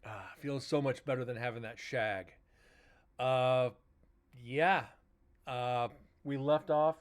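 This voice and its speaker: A tired man hosting a livestream, chatting casually to viewers and retelling a work dispute with filler words and swearing. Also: medium pitch. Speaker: livestream host. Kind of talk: casual chat to stream viewers.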